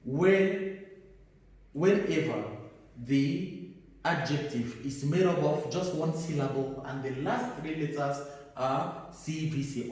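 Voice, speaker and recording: A man teaches grammar in a slow, deliberate way, repeating key words and spelling out letters. His voice is mellow and sits a little high for a man. He sounds far from the mic, in a room with a long echo. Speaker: English teacher. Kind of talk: classroom grammar lesson.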